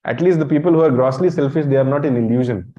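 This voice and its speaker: A man's voice: mid-range voice, fast talker, mellow. A man giving a temple lecture, blunt and teasing, quizzing his audience and calling on listeners directly. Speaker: monk lecturer. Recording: dull lo-fi recording.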